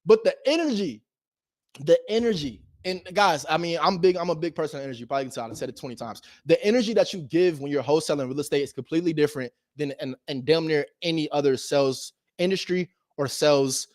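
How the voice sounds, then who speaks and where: A man giving a casual motivational talk as a host, animated and slangy, swinging between loud emphasis and low asides. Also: fast, no room sound, clean studio sound. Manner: slangy and direct, addresses viewers as bro. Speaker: real estate investor and video host.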